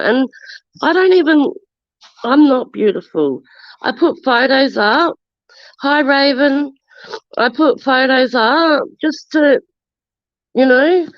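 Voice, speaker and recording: This livestreamer is an Australian woman in her forties, stuffed up with a cold, whose voice is high. She defensively rants while saying hello to viewers on a casual stream, heard through dull, lo-fi audio without echo.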